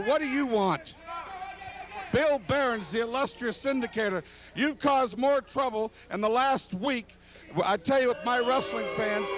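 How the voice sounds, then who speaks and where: A man's voice: very high-pitched, a little slow, music in the background. A man, a wrestling promoter hosting a TV segment in a folksy, stubborn, hard-selling way.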